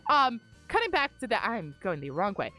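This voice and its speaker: A woman's voice: medium pitch, huge pitch swings, moderate pace, bright, forceful tone, soft background music. A woman streamer and game master, rambling and swearing as she recounts a tabletop session while gaming. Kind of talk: casual storytelling while gaming.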